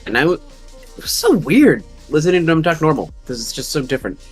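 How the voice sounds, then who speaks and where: A man's voice: fairly high pitch, sing-song, fast, breathy edge. A man chatting casually with friends, chatty and poking fun at himself. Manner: chatty, self-mocking. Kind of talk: casual group chat on a livestream. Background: faint background music.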